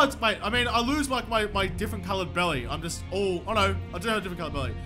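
High, bright-voiced excitable gaming man. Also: racing, hardly any pauses, faint music behind. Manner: excitable, swears a lot, shouts when thrilled. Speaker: gaming video host. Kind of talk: gameplay commentary.

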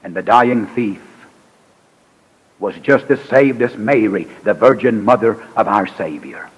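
A man preaching a revival sermon in a church, emphatic, with sharp swings in pitch and loudness. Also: unhurried, slightly rough. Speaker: evangelist preacher. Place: church sanctuary. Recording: archival church recording with long reverb.

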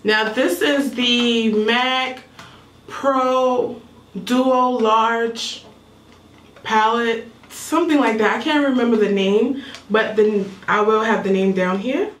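Slow-talking woman in an echoey room. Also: fairly high pitch, distant mic. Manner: explains step by step while showing products; mumbling. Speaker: makeup vlogger. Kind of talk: casual makeup tutorial. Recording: echoey room, voice away from mic.

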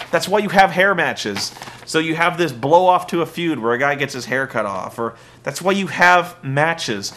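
A man's voice: fairly high pitch, bright, forceful tone, slight background noise. A man giving a casual, sarcastic comedy recap of a wrestling show, ranting and poking fun. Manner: sarcastic, ranting, mocks wrestlers with silly voices.

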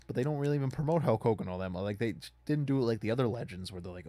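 A man's voice: mid-range voice, animated, rapid-fire, dark tone. A man casually commenting on a wrestling video game as he plays, rambling and swearing in frustration at it. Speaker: gaming YouTuber.

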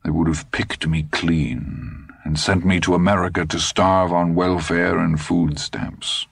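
A man's voice: low voice, level tone, gravelly, slightly rough, dry recording, full character voice. A man reading the part of a bitter, cynical old fugitive in an audiobook, speaking with dry sarcasm. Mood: sardonic. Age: older. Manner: dry, sardonic, measured.

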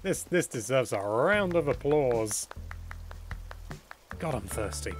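A man hosting a casual game livestream, excitable and chatty, exclaiming as he goes. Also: mid-range voice, moderate pace, faint music behind. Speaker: livestream host.

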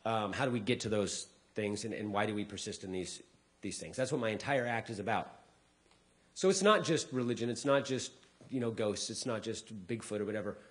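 A man, a comedian, speaking casually to a live audience, acting out people's lines with big pitch jumps and dropping low for asides. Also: a little fast. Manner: drops to a quieter, lower voice for asides. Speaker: comedian giving a talk.

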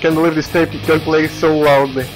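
A man's voice: a little high, level tone, fairly quick, music in the background, low-quality recording. A man giving casual let's play commentary, reading in-game texts aloud, stumbling over words and laughing at himself, recorded at home at his computer.

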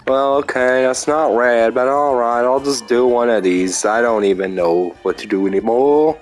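A man's voice: mid-range voice, moderate pace, soft background music, poor audio. A man casually commenting on his own card game, goofy and rambling, joking to his viewers. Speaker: gaming video host.

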